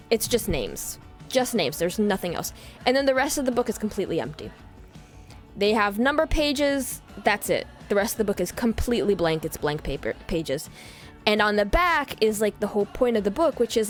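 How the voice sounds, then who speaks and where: A woman in her twenties telling a story casually on a livestream, chatty and animated, acting out quoted lines with big pitch jumps.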